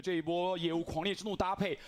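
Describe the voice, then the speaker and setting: A man giving energetic, emphatic play-by-play on a live esports broadcast. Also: sits high, fast talker, a crowd in the background. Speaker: esports commentator.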